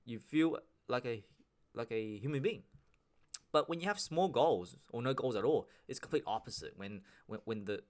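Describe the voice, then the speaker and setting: Male podcast host, mid-pitched, loose slangy monologue, lots of restarts. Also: expressive, normal speed, a little mellow. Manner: rambling, frequent restarts, slangy and profane. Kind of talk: casual solo podcast monologue.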